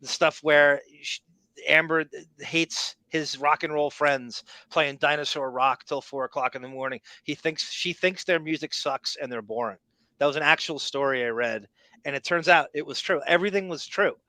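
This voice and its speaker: A man hosts a podcast, talking over clips in a rambling, opinionated way with salty language. His voice is bright and forward, and the sound is dry and close. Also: fairly high pitch, normal speed, no room sound. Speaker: podcast host. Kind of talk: casual commentary over played audio.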